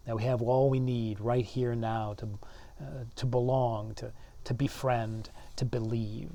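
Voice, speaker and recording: A man's voice: mid-range voice, mellow. A man, a pastor, giving a sermon in an earnest way, often repeating words as he builds his points. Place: church.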